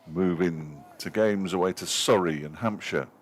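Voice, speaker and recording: A man's voice: sits low, measured pace. A man giving live ball-by-ball cricket commentary from a commentary box, lifting his voice to call the runs.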